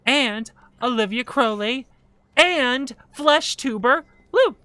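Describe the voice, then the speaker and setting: A woman's voice: high voice, animated, takes it slowly, pushed and bright, dry recording. A woman hosting a tabletop game stream, playful and self-deprecating, laughing often. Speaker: host.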